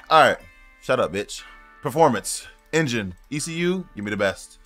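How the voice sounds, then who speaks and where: A man giving casual, slangy commentary while playing a racing game, excitable and profane, chatting to his viewers. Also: medium pitch, moderate pace, soft background music. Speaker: gaming YouTuber.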